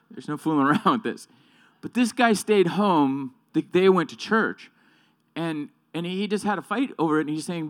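A man's voice: a little high, moderate pace. A man preaching a sermon with emphatic delivery, often repeating and correcting himself.

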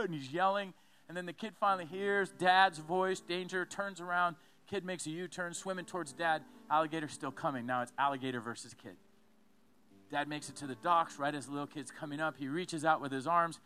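A man preaching a sermon as a pastor, telling a story with lively asides and repeated phrases. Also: on the high side.

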